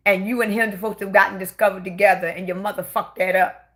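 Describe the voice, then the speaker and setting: Her voice is medium-pitched and steady as this middle-aged woman tells her personal story in a casual late-night setting. She speaks emotionally and haltingly, often repeating words and beginning again.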